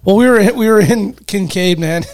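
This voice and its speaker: A man's voice: high-pitched, moderate pace, darkish tone, dry recording. A man chatting animatedly with friends, laughing a lot and sometimes dropping to a near whisper. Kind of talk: casual chat.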